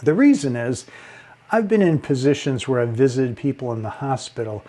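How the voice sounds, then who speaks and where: A man teaching public speaking in an expressive way, swinging his pitch and volume to demonstrate and chuckling often, with a relaxing tone. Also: moderate pace. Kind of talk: instructional talk on speaking.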